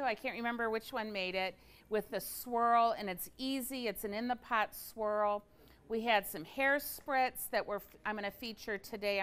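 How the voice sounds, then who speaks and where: A woman with a smooth, slightly high and somewhat bright voice hosts a casual livestream product demo from an indoor craft studio. She's chatty and enthusiastic and uses lots of fillers.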